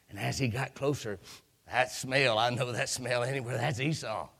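A man's voice: mid-range voice, fairly even intonation, moderate pace, creaky, a bit bright, slightly rough. A man preaching a sermon, telling a story with emphatic delivery and repeated hallelujahs.

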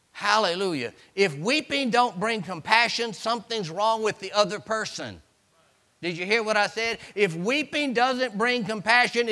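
A man preaching a sermon, retelling scripture as an animated storyteller with exclamations. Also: sits high, long reverb tail.

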